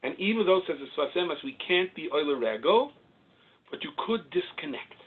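A man in his sixties, a rabbi giving an Orthodox Jewish sermon as an animated storyteller who acts out dialogue and swings up to loud exclaiming peaks. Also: fairly high pitch, moderate pace. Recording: husky voice over a tinny phone-like line.

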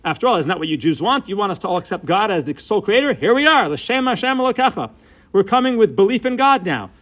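A man teaching a Bible passage in a lesson, animated, slowing down to stress key words and mixing in Hebrew terms. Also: high voice. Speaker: Torah teacher. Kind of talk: text-based Bible lesson.

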